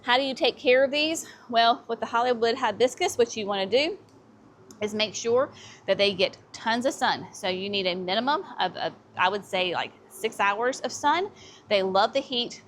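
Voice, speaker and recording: A woman's voice: on the high side, fairly bright tone, a little hiss or hum. A woman hosting a casual walk-through of plants at a garden center, chatty and enthusiastic. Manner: chatty and enthusiastic, says y'all often.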